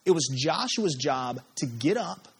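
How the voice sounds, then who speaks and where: Animated husky male preacher. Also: a little high, a little slow. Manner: animated, dramatic voicing of prayers and scripture. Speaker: pastor. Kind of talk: sermon.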